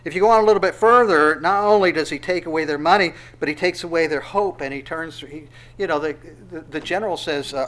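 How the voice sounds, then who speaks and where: A man preaching a conversational sermon, retelling scripture in a lively way and often repeating his words. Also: a little high, quick pace, hardly any pauses. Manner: animated storytelling with repeated words and voiced asides.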